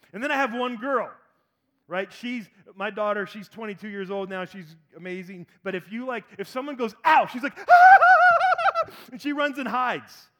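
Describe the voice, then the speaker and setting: A man's voice: high voice, moderate pace, fairly bright tone. A man in his forties preaching a sermon, animatedly acting out the voices of people in the story. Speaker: pastor.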